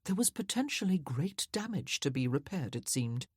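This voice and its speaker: Woman reading an audiobook, low husky voice, dry close sound. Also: big pitch swings, moderate pace, no echo. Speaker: audiobook narrator. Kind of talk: scripted audiobook narration.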